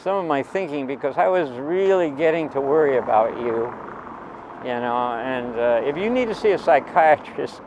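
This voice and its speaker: A man's voice: mid-range voice, expressive, normal speed, noisy background, close to an everyday voice. An older man voicing his stern middle-aged doctor father, who scolds with incredulous questions. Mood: relieved.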